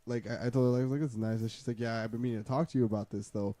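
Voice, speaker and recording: A man's voice: medium pitch, steady tone, racing, dark tone, no room sound. A man in casual chat, rambling through a personal story with many restarts. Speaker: podcast co-host.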